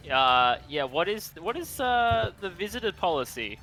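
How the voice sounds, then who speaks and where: A man's voice: high voice, sing-song, normal speed, music in the background. A man playing in a tabletop game, wry and joking. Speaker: player. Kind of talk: casual tabletop play.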